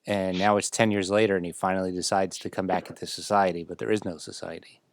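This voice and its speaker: A man's voice: sits low, flat delivery, fast, no echo. A man hosting a podcast, chatting casually with a dry, grumbling manner. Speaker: podcast host.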